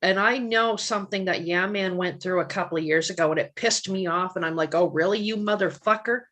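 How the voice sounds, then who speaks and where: A woman's voice: fairly low pitch, steady tone, fairly quick, fairly bright tone. A woman guest in a casual livestream chat, telling stories and quoting others with plenty of swearing. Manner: storytelling, quotes others, swears often.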